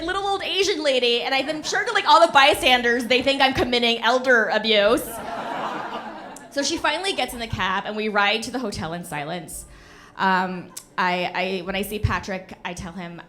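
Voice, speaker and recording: A young woman telling a comedic story on a stage in front of an audience, animated, punchy and often laughing. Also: fairly high pitch, normal speed, noisy background. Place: stage of a live venue before an audience.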